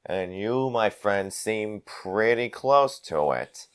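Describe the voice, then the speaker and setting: A man playing a gruff drunken brawler. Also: lowish voice, animated, slow. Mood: menacing. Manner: gruff, threatening.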